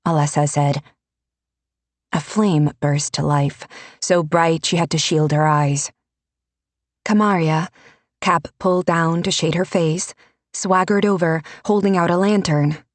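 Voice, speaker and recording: Lady reading a fantasy audiobook real slow, low voice, super dry sound. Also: steady tone, no room sound. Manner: measured, unhurried storytelling. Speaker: audiobook narrator. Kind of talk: audiobook narration.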